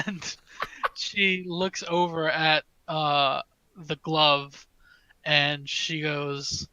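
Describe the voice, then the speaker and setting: Man, game master, tabletop narration, hesitant, fillers, bright voice, dry close mic. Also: on the high side, level tone, extremely slow, clear, resonant tone, dry recording, rough recording. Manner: hesitant, many fillers, laughs often.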